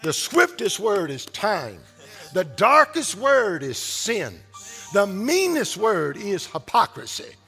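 Male pastor, very high gravelly voice, slow, bright tone; preaches with shouted refrains. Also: wildly swooping pitch, faint music behind. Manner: preaching with rising, shouted repetition. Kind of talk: sermon.

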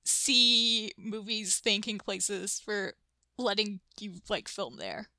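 A woman from Tennessee co-hosting a podcast, talking in an animated way full of "like". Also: medium pitch, takes it slowly, no echo. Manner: animated, lots of "like". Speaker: podcast co-host. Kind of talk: casual podcast chat.

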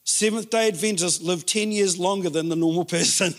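A man preaching a sermon in an animated way, repeating words for emphasis. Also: high voice, moderate pace. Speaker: pastor.

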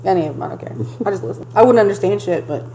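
A woman's voice: mid-range voice, expressive, very fast, warm tone, slight background noise, rough recording. A woman with a Southern US accent, ranting in casual podcast chat and swearing freely. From Southern United States. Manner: profane, ranting, fired up. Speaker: podcast co-host.

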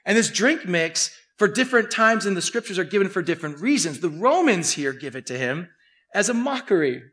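A man preaching a sermon, animated and acting out scenes. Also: high-pitched, a little fast. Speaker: pastor.

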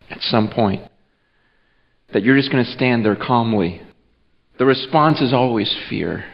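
A man preaching a Christmas Eve sermon in a church, animated and repeating words, dropping low and quiet for emphasis. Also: gravelly. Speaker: pastor. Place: church sanctuary. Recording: muffled with long hall reverb.

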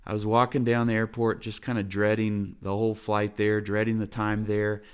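A man's voice: on the low side, level tone, moderate pace, clean tone. A man preaching a sermon from his family's dinner table, earnest and exhorting, driving points home with repeated phrases. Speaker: pastor.

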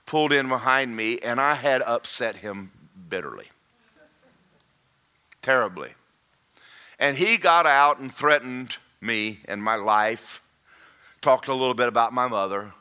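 An older man preaching, telling a folksy story with laughter and rising to shouts. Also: mid-range voice, clear, resonant tone. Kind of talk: sermon storytelling.

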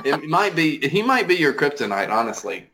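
A man's voice: on the high side, sing-song, moderate pace, background noise. A man in a casual podcast chat, playful and laughing often as he jokes.

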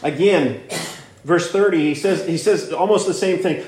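High-voiced man preaching in an echoey room. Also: moderate pace, a little mellow. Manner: earnest, repeats words and fillers while explaining. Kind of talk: sermon teaching through a Bible passage. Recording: roomy echo.

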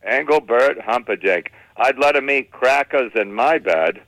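A man voicing a bossy, guilt-tripping aunt over seventy who nags and scolds, in a lowered voice. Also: expressive, unhurried, a bit bright, no room sound, low-quality recording. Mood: swooning. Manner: nagging, scolding.

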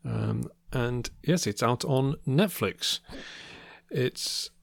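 A man's voice: medium pitch, animated, drawn-out words, gravelly, dry recording, clean studio sound. A man co-hosting a podcast, chatting casually about films with many ums and restarts. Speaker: podcast co-host. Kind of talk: casual film review chat.

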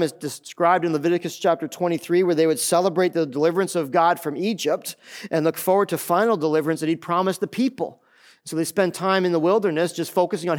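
A middle-aged man, a pastor preaching a sermon in an animated way, acting out the voices of others. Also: on the high side.

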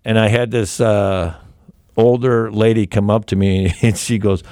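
A man's voice: fairly low pitch, steady tone, measured pace, a little mellow, no echo, studio quality. An older man, a comedian guest on a radio show, chatting casually, laughing often and restarting his sentences.

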